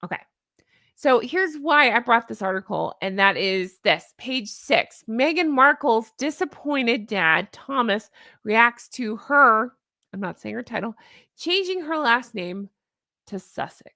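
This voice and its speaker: Woman, livestream host, casual commentary, opinionated, chatty, fairly high voice, dry close sound. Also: animated, measured pace, bright, forceful tone, no room sound. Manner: chatty, opinionated, reads viewer comments aloud. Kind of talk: casual commentary to a live chat.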